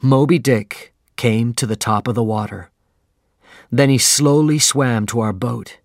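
Slow, gravelly male audiobook narrator. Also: mid-range voice, no room sound, studio quality. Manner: measured, plain storytelling.

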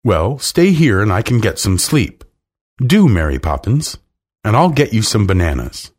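A man's voice: on the low side, big pitch swings, a little slow, slightly rough, heavily acted. A man voicing a tired male parrot who pleads for help. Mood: pleading.

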